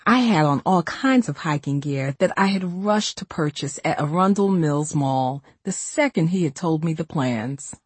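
A woman reading a first-person novel aloud in a steady, conversational way. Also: low voice, measured pace, hardly any pauses, slightly rough, no room sound. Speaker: audiobook narrator.

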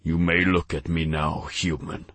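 A man voicing a cruel ancient archangel who speaks slowly, with cold disdain. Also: a bass voice, little pitch movement, a bit bright, dry recording, heavily acted. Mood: commanding. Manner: slow, measured, disdainful.

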